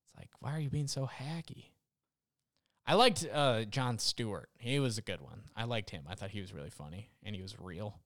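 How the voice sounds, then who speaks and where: A man's voice: on the low side, normal speed, a bit bright, no room sound, clean studio sound. A young man ranting casually and sarcastically as a podcast host, rambling and swearing. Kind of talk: casual rant.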